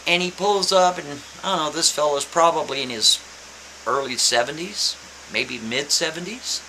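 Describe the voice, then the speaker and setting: A man telling a story in a casual, animated, emphatic way, repeating his points. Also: fairly high pitch, rough recording. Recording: faint hiss.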